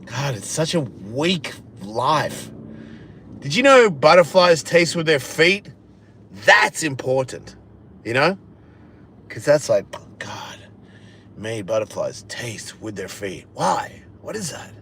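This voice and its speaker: A man in his 50s hosts a live stream, reading viewer comments in a rambling, casual chat full of blunt, jokey swearing, sometimes dropping into a low mumble. His delivery is slow and slightly bright with big pitch swings, and a little hiss or hum sits under the recording.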